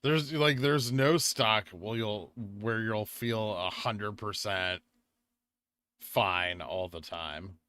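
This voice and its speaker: A low-voiced man with a bright, forceful edge chats through a live trading stream at his desk microphone. He rambles with plenty of fillers, dropping to near-mutters when reading chat and jumping up in excitement when he explains. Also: slow, clear, resonant tone, no echo. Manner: rambling, filler-heavy, swings from quiet muttering to excited bursts. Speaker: livestream trading host.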